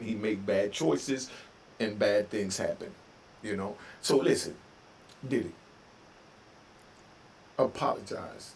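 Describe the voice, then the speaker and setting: Gravelly, higher-pitched man in his fifties, heated preachy commentator. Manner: heated, preachy, swings from shouting to low calm. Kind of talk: emotional commentary rant.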